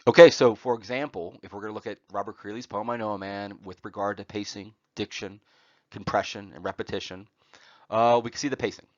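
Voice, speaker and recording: Male lecturer, low-ish voice, many "uh"s and "right?" checks, dry dull recording. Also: fairly even intonation, fairly quick, dry recording. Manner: frequent "uh" fillers and tag "right?". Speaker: college lecturer.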